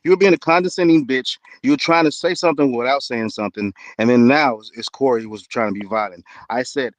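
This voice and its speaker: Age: adult. Sex: man. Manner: furious, cursing, confrontational. Pitch: middle. Sound: dry, close, over an online call. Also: quick pace, hardly any pauses, no echo, rough recording. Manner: angry, profane, confrontational. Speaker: debate panelist. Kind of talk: heated online debate.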